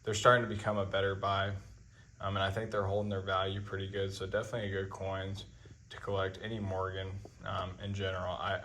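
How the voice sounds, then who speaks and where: Low-voiced man rambling about coins. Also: a little hiss or hum. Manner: relaxed and rambling, with many ums and uhs. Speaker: coin collecting channel host. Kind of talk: casual talk to camera.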